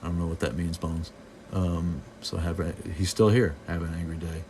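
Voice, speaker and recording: A middle-aged man with a very low voice, hosting a live stream and riffing on viewer comments. He is snarky and joking, and he talks loosely with many restarts. A faint hiss sits under the voice. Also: flat delivery, moderate pace, darkish tone. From Boston.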